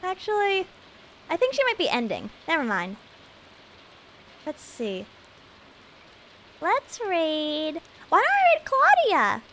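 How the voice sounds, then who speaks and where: A young woman streaming a video game live, rambling and joking at herself, swinging from mumbled asides to loud excited bursts. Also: extremely high pitch, slow, long pauses, background noise. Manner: rambling, self-mocking, jumps between mumbling and loud excitement. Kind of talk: live gameplay stream chatter.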